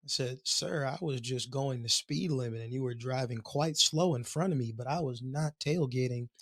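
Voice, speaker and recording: A man co-hosting a podcast, telling a long story in a casual, animated way and acting out the voices of the people in it. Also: mid-range voice, moderate pace, dry recording, studio quality. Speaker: podcast co-host.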